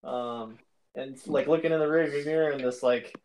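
A man's voice: mid-range voice, steady tone, normal speed, a little mellow. A man co-hosting a casual podcast, telling stories and laughing often. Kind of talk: casual chat.

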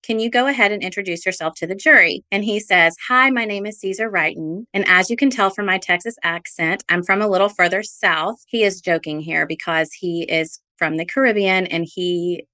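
A woman hosting a podcast about her own court case, reading trial testimony and social media posts aloud in a measured, even way. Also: mid-range voice.

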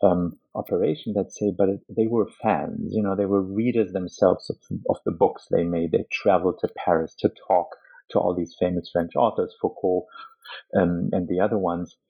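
Husky low-voiced author, thoughtful. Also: male voice, fairly even intonation, normal speed, muffled recording. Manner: thoughtful, hesitant, restarts often. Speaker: author being interviewed. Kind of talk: academic interview.

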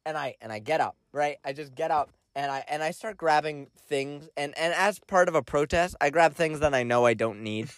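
A man co-hosting a podcast, telling a story in a casual, animated way and laughing often. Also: moderate pace, hardly any pauses, clean tone, dry recording. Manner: animated storyteller, jumps to high voices quoting his mother, laughs often. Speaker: podcast co-host.

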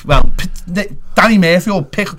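A man co-hosting a casual football podcast, talking quickly in a bright, high voice. He is emphatic and rambling, and he acts out what other people said. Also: a crowd in the background. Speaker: podcast co-host.

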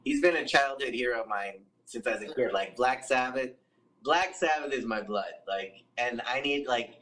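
A man telling a story as a podcast guest, animated and profane, acting out what other people said. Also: medium pitch, moderate pace, recorded from a distance, poor audio. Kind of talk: casual storytelling.

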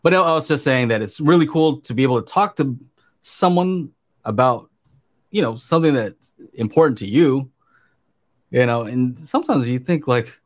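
A man co-hosting a casual podcast, talking in a relaxed, rambling way. His voice sits at an ordinary middle pitch for a man. He drifts from thought to thought with filler words and friendly asides. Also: moderate pace. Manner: earnest, rambling, easygoing. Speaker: podcast co-host. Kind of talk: casual chat on a live stream.

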